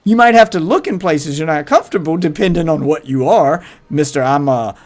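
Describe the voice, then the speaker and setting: A man's voice: on the high side, animated, a little fast. Crude rambling male streamer. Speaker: livestream host. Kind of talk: casual chat.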